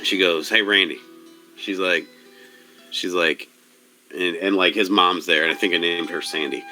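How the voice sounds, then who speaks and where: A man narrating a tabletop game as game master in a loose, rambling way, switching quickly between characters' lines. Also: low voice, fairly even intonation, pushed and bright, faint music behind.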